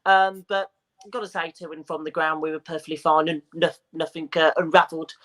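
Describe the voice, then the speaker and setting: A woman calling in to a fan phone-in, speaking haltingly with many restarts and repeated words. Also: low-pitched, flat delivery, fairly bright tone.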